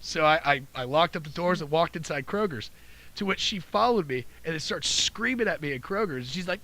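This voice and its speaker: A man casually telling profane, animated stories about his old job as a cab driver. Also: on the high side, fairly quick. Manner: loose, profane, animated storytelling. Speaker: podcast co-host, former cab driver. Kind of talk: casual storytelling chat.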